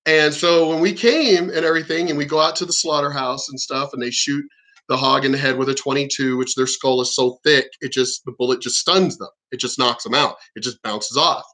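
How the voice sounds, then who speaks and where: Man, bright forceful voice, profane, blunt ranting monologue. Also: medium pitch, fairly even intonation, brisk. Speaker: vlogger.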